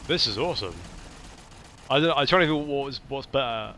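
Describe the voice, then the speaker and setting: A man's voice: mid-range voice, expressive, brisk, sharp tone, a little hiss or hum. A man, casually commenting on his gameplay with playful asides. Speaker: let's play host.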